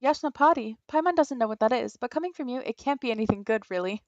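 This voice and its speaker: A woman's voice: a little high, expressive, quick pace, a little mellow, dry recording, dull audio. A woman voicing a small, chatty female fairy companion in a video game, speaking in blunt, cheeky asides.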